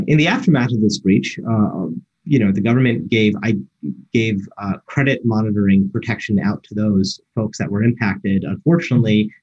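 A man speaks in a low register with a slightly husky voice, giving a keynote talk. He explains things step by step and often restarts his phrases with fillers. The audio sounds dull and lo-fi. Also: a little mellow.

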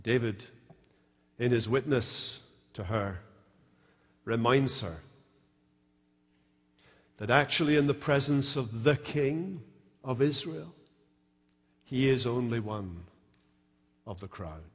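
A man's voice: medium pitch, lively intonation, slow pace, long pauses, slightly rough. A man, a pastor preaching a sermon with storytelling and dry humor in a large church. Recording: reverberant church hall, dull live stream.

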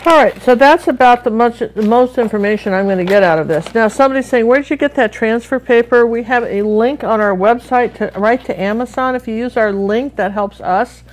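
A woman's voice: on the high side, brisk, hardly any pauses. Middle-aged american lady from washington state doing a live painting tutorial, chatty, wanders off on friendly tangents. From Washington State, USA. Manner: chatty, rambling with friendly asides. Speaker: art instructor.

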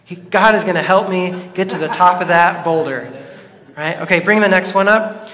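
In a reverberant church hall, a pastor preaches to his congregation in a playful, joking way, talking directly to them. His voice is high-pitched and sharp in tone, and his pace is moderate.

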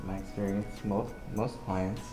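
Low-voiced barber explaining calmly. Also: male voice, moderate pace, reverberant, music in the background. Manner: relaxed, practical, explains step by step. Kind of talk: casual instructional chat.

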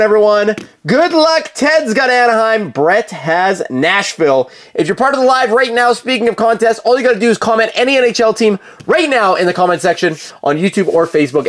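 A man hosting a live card-break stream, chatting casually with viewers, with lots of fillers, and calling out cards as he opens packs. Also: sits high. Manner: chatty, filler-heavy, calls out cards while talking to viewers.

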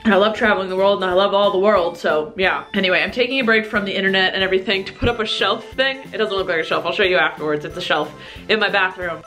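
Bright, chatty young woman vlogging. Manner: excitable and chatty, swings into high squeals when stressed. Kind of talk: casual vlog chat. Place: at home, indoors.

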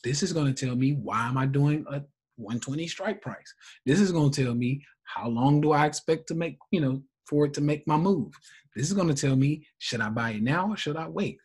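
A man's voice: on the high side, moderate pace, darkish tone, slightly rough. A man running a live trading class, blunt and profane, laughing often between points.

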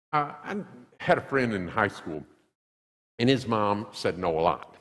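A male pastor preaching a sermon in a church, emphatic and animated, acting out little scenes. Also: mid-range voice, normal speed, in a large hall. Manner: animated, acts out quotes, emphatic repetition. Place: church sanctuary.

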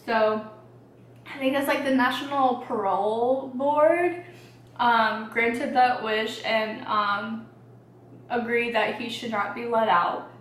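A woman's voice: a little high, slow, a bit bright. A woman vlogger chatting casually about a true-crime case while eating, with plenty of "um"s and "like"s. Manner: chatty, many fillers and hedges. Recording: roomy echo, faint background noise.

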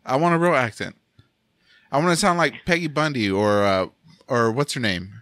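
A man co-hosting a podcast in casual chat, playful and quick to laugh. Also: mid-range voice, a bit bright, no echo, studio quality. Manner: playful, laughs a lot, jokes about accents. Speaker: podcast co-host.

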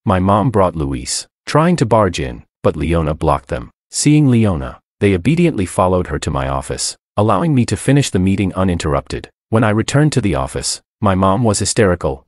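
A man reads a first-person story aloud, voicing every character himself with only light changes. His voice sits very low but swings widely up and down. The sound is dry and close, with no room around it. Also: darkish tone, dry recording. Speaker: narrator.

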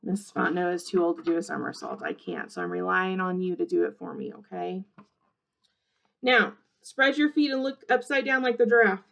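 A woman kindergarten teacher reading an interactive movement book aloud to young children, animated and encouraging in a sing-song voice. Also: lowish voice, moderate pace, gravelly.

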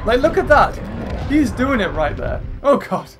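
A young man giving excitable let's play commentary, yelling and swearing at the game over its music. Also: very high-pitched, measured pace. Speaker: gaming channel host. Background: video game music.

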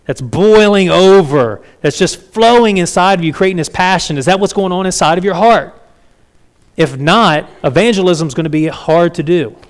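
A man preaching a sermon in a conversational way, often checking in with the congregation. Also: on the high side. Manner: conversational, asks the congregation frequent questions. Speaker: pastor.

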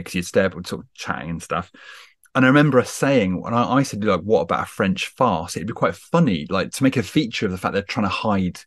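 A man guesting on a podcast, talking animatedly and poking fun at himself, with lots of quick restarts. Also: on the low side, no room sound, clean studio sound. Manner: animated, self-deprecating, full of quick restarts. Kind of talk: casual chat. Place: video call.

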